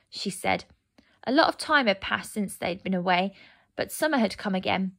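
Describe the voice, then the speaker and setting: Woman, storybook narration, gentle, expressive, medium pitch. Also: moderate pace, creaky.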